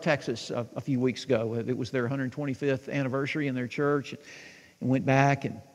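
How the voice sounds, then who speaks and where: Husky-voiced preacher in his sixties. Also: medium pitch, big-room sound. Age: 60s. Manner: animated storytelling, asks the congregation questions. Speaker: pastor. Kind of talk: sermon.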